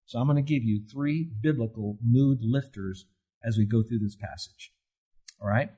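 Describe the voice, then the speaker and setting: A man's voice: mid-range voice, normal speed, dark tone, husky. A middle-aged male pastor delivering an earnest, conversational sermon that builds to rising emphasis.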